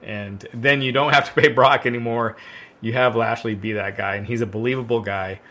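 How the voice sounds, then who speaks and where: A man's voice: mid-range voice, fairly even intonation, a little fast, sharp tone. A man co-hosting a casual wrestling chat, rambling with many "uh"s and restarts while sipping wine. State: drinking wine, relaxed. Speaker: podcast co-host.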